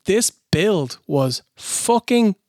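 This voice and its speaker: A man co-hosting a comedic wrestling review, telling the story with animated, mocking energy. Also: sits high, very slow, no room sound, clean studio sound. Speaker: podcast co-host.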